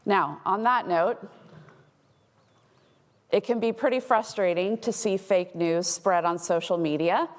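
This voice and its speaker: Texas woman giving a conference talk, mid pitch, echoey big hall. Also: a little slow, pauses often. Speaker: conference speaker, threat intelligence analyst. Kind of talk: conference presentation. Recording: long hall reverb.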